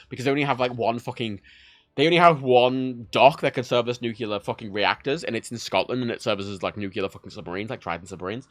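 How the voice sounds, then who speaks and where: A man's voice: medium pitch, expressive, fairly quick, pushed and bright, no echo. A young man streaming a game, talking casually in a profane, opinionated rant. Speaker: livestreamer. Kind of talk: casual gameplay stream commentary.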